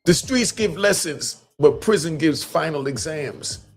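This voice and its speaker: A man's voice: fairly high pitch, lively intonation, a little slow, soft background music. A middle-aged man hosting a live stream, giving street-wisdom commentary in a preachy way and repeating key lines for emphasis.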